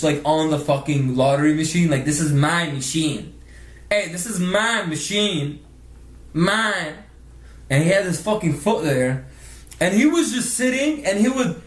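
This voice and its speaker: A man's voice: a little high, a little mellow, roomy sound. A man telling a rambling, profane story in casual vlog narration, laughing often. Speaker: vlogger narrating over a speed painting.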